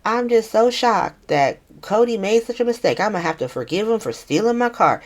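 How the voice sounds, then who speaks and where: A woman's voice: medium pitch, expressive, normal speed, voice pushed up, natural voice. A woman voicing a brash, foul-mouthed, rich older woman who is petty and blunt. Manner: profane, blunt.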